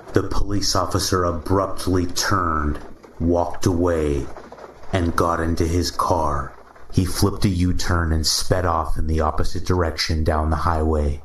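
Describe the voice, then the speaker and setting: A man narrating a first-person story in a measured, steady reading. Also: low voice. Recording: roomy echo, faint hiss.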